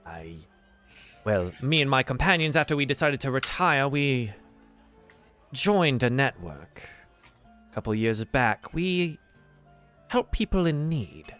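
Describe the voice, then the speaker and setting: A man's voice: medium pitch, very animated, takes it slowly, long pauses, fairly bright tone, faint music behind, pitched above the performer's own voice. A man voicing a genial retired male adventurer who works as a sly, friendly faction contact.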